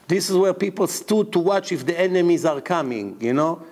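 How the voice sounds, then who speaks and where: A man, a rabbi, giving a Talmud lecture, telling the story with lively rhetorical questions and explaining terms as he goes. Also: sits high, normal speed.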